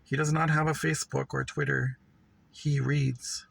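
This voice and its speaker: A man giving a measured, reflective reading of a literary story. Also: a little high, little pitch movement, gravelly, a bit bright, husky, poor audio. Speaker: reader.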